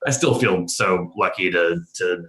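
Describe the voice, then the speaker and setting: An actor appearing as a panel guest over a video call chats casually, telling a rambling story, interrupting himself and breaking into bursts of laughter. His deep voice is a bit bright and a little slow, and the sound is roomy.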